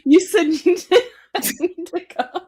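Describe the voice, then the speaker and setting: A woman's voice: very high voice, measured pace, a crowd in the background. A woman co-host chatting casually, teasing and giggling at the reader's slip-ups. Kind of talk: casual chat.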